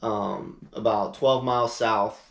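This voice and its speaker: A man's voice: on the low side, fairly even intonation, slow, vocal fry, a bit bright, roomy sound. Rambling man telling a trip story. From Louisiana, USA. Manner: rambling, filler-heavy, acts out quoted phone calls. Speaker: podcast co-host. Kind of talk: casual storytelling chat.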